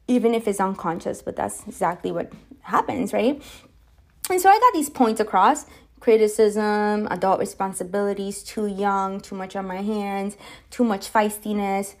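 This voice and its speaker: Woman, 40s, podcast host, gravelly edge, frank storytelling with swearing. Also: medium pitch. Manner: candid, animated, swears freely. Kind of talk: personal storytelling monologue.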